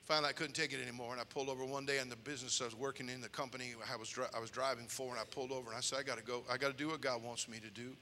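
An older man preaching with humor, an animated storyteller with comic timing who slips into character voices. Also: mid-range voice, rapid-fire, hardly any pauses, a little hiss or hum. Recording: long hall reverb.

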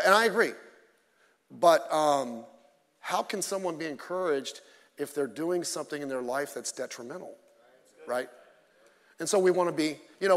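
A man's voice: fairly high pitch, in a large hall. A male pastor preaching a sermon in an emphatic, conversational way, mixing in self-deprecating jokes.

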